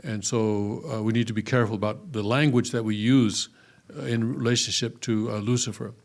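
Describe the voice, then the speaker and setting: A man's voice: on the low side, fairly even intonation, a little fast, creaky. A man teaching a scripture lesson, reading aloud and breaking off into casual asides with many fillers and restarts. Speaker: religious teacher.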